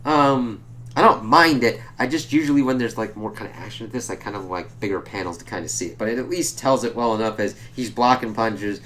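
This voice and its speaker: A man casually recapping a comic book issue, loose and profane, jumping up in pitch whenever he quotes a character. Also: fairly quick, a bit bright, slight background noise. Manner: loose and profane, jumps higher when quoting characters.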